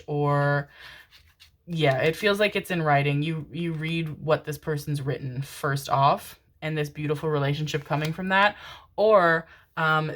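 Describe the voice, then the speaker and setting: A woman's voice: low-pitched, fairly bright tone. A woman from Canada giving a pick-a-card tarot reading, rambling and enthusiastic, swearing freely and calling her viewers darlings. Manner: rambling, swears a lot, laughs often, calls viewers darlings.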